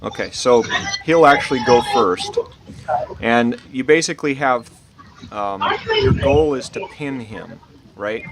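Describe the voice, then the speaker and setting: A man narrating as dungeon master, explaining rules in a relaxed, rambling way with many fillers. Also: medium pitch, a little slow. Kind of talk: narrating a tabletop game. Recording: loud background noise.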